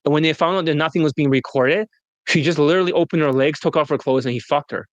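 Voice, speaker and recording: A man's voice: on the high side, fast talker, no room sound, dull audio. A man working as a dating coach, talking bluntly and crudely in a casual interview and laughing often.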